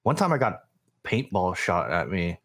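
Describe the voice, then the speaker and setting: A man, co-hosting a podcast in a laid-back, deadpan way. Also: deep voice, moderate pace, no room sound, studio quality. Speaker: podcast co-host. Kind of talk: casual chat.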